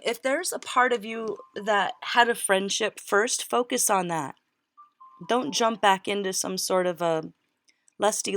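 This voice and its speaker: A woman talks through a tarot spread in a loose, conversational way. She laughs easily and often cuts off a word to start it again. Her voice sits at an ordinary middle pitch for a woman. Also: a bit bright, dry recording. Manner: chatty, laughs easily, breaks off mid-word. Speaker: tarot reader. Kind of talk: casual tarot reading.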